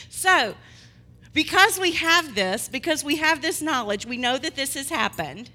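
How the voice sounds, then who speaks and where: A woman preacher delivering a sermon, swinging between loud proclamation and quiet asides. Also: high-pitched, animated, moderate pace. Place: church hall. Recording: long hall reverb.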